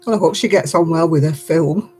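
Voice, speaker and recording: A woman's voice: deep voice, fairly quick, warm tone, slight background noise. An older woman, a great-grandmother, chatting casually and laughing often as she reads viewer comments on her crafting livestream.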